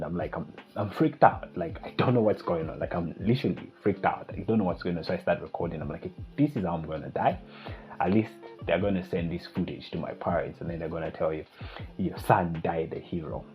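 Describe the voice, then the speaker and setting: A young man vlogging, retelling a night of panic in a casual, animated storytelling way. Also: low voice. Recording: slightly dull lo-fi recording with faint music.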